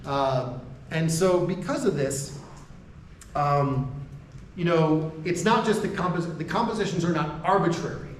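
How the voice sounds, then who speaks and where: American man, lecturer, conversational, keeps asking "right?", slightly high voice, distant mic, echoey room. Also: unhurried, slight background noise. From United States. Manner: conversational, frequent "right?" checks and restarts; laughs between points. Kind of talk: university lecture to faculty.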